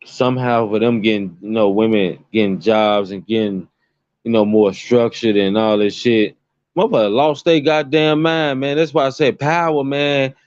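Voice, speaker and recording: A man's voice: mid-range voice, steady tone, normal speed, darkish tone, no echo. A man giving rambling, profane commentary to his viewers, emphatic and repetitive. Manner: emphatic, repetitive, swears constantly. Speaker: commentary vlogger. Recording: dull lo-fi dry recording.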